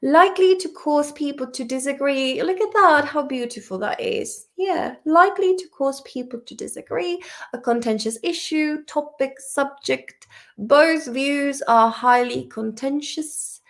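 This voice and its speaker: A woman's voice: sits high, measured pace. A woman teaching vocabulary in a casual, playful study-along lesson, chatting and swearing at the dictionary as she goes.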